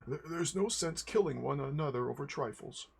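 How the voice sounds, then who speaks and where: A man's voice: fairly high pitch, moderate pace, gravelly, slightly rough, voice pushed up, exaggerated voice. A man voicing a rowdy, bullying soldier sergeant who roars and blusters. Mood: cowed. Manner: roaring, blustering.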